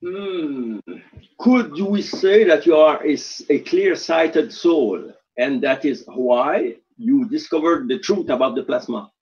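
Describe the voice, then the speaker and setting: A man's voice: a little high, darkish tone, highs cut off, slight background noise. A man from Quebec with a Quebec French accent, a native French speaker, asking questions carefully as a caller. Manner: careful, deliberate phrasing.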